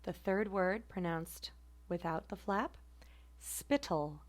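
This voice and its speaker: A woman teaching a phonetics class, repeating example words slowly and carefully. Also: lowish voice. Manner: careful, deliberate word repetition. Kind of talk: slow online pronunciation lesson.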